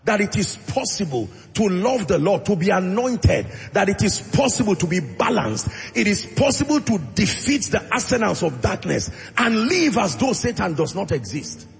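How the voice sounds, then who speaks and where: A man preaching a sermon as pastor, acting out short dialogues and rising into shouted prayer. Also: high-pitched, big pitch swings, moderate pace, creaky, hardly any pauses. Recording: music under voice in a large reverberant hall.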